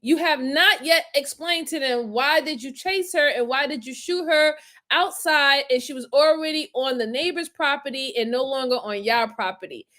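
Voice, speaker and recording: Blunt woman host, high bright voice, casual reaction chat. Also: moderate pace. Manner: blunt, exasperated, swears freely.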